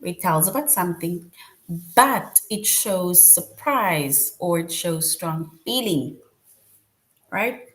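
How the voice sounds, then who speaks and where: A woman with a slightly low voice walks young students through a grammar lesson. She explains patiently and keeps checking in with a quick "right?". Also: lively intonation, a bit bright. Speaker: teacher.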